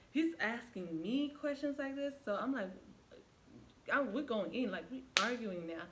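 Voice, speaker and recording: A woman's voice: medium pitch, normal speed, a little hiss or hum, low-quality recording. A young woman vlogger retelling a past relationship as a casual story, acting out quoted lines with lots of fillers. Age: young adult. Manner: animated retelling with quoted dialogue, many fillers. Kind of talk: storytime vlog.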